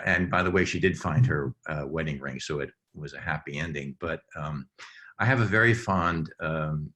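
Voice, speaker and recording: Low-voiced man, earnest webinar speaker on a video call, halting with fillers. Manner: warm, earnest, many ums and uhs, chuckles. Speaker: webinar speaker for camp professionals. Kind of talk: heartfelt talk to an online audience.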